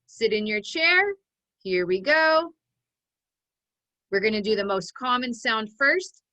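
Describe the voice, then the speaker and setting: Woman, phonics teacher, slow drill calls, bright voice. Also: a little high, animated, rough recording. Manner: slow, deliberate drill calls, sounding out each part. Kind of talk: online phonics lesson.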